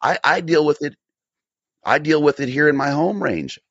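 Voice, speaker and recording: A man, a guest on a podcast, telling a story in a casual, profane, animated way and often repeating himself. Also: on the high side, normal speed, slightly rough, dry recording. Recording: dull lo-fi audio.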